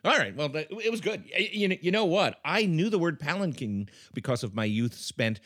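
A man's voice: on the high side, a little fast, dry recording, studio quality. A man co-hosting a comedy talk show, chatting casually and reading ads with enthusiasm, sometimes tripping over words. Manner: animated, enthusiastic, stumbling on words. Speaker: co-host. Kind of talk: casual chat and host-read ad.

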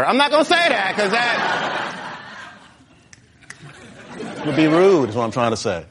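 A man doing a stand-up comedy set on stage, talking straight to the audience in a lively, animated way. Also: high voice, moderate pace, pauses often. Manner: animated, talks straight to the crowd. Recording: live show with crowd noise.

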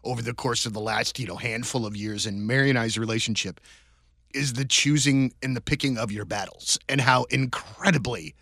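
A man co-hosting a sports podcast, telling stories in a rambling, animated way with many restarts. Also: medium pitch, fairly quick, dry recording, clean studio sound. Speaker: podcast co-host. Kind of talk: casual sports chat.

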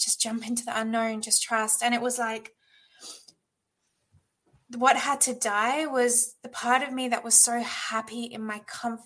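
A fairly high-voiced woman in her thirties tells a personal story. She talks in a reflective, earnest way and fills her sentences with "like". It is an interview setting. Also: a bit bright. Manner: reflective, earnest, many "like" fillers. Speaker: guest, intuitive channel.

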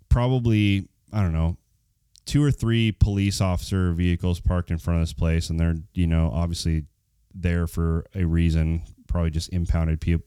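Deep, mellow-voiced man telling a story. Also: clear, resonant tone, no room sound, clean studio sound. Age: adult. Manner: rambling, many fillers, acts out quoted dialogue. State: getting over a cold. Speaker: vlogger. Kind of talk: casual storytelling to viewers.

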